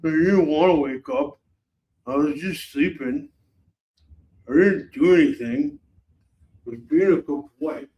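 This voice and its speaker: A man's voice: fairly high pitch, measured pace, pauses often, darkish tone, distant mic, lo-fi sound, slight background noise, lightly acted. A man voicing his sleepy pet dog as a grumpy, crude complainer. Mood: whiny. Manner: whiny, then crude and indignant.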